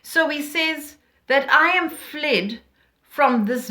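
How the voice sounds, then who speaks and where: A woman teaching a poetry lesson, talking slowly and deliberately and reading lines aloud with emphasis. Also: high-pitched, expressive, sharp tone.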